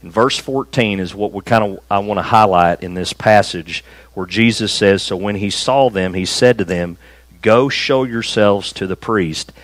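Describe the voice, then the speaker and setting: A man preaching a conversational sermon to a small church room, slowing down to stress key phrases. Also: lowish voice, dry recording, rough recording. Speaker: pastor.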